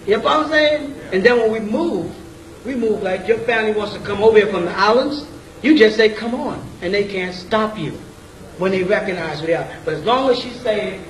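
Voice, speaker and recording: A man's voice: high voice, fairly quick. A man giving an informal lecture to a group, blunt and casual, constantly checking in with questions like "you know what I'm saying?". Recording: echoey room, mic at a distance, faint ambient noise.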